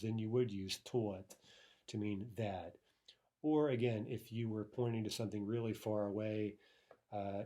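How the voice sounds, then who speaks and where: Guy with a lowish voice explaining grammar, keeps asking right? and restarting his sentences. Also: dark tone. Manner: explanatory, repeatedly checks understanding with "right?"; frequent fillers and restarts. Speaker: language teacher. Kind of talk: recorded language lesson.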